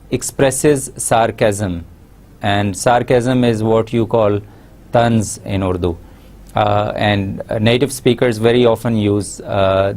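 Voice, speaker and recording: A man giving a recorded university lesson, explaining slowly with many pauses and fillers. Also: fairly low pitch, darkish tone. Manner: slow, explanatory, frequent uh fillers. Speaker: English lecturer.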